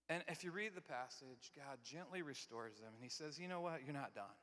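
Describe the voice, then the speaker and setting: A man preaching a sermon in a large church. He talks conversationally and swings from loud, emphatic lines to hushed, near-whispered ones. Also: mid-range voice, animated, a little fast, few pauses. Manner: conversational, repeats and restarts words. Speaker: pastor. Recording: long hall reverb.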